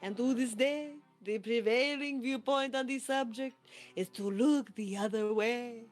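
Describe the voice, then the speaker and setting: A man voicing an older male professor from a video game, reading the dialogue in a measured storyteller's way. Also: very high-pitched, faint music behind. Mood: reflective.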